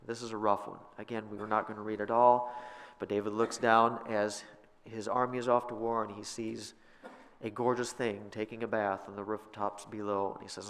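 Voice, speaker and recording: A man's voice: on the low side, steady tone, brisk, in a large hall. A man teaching a Bible class, retelling scripture in a casual, conversational way, in a church.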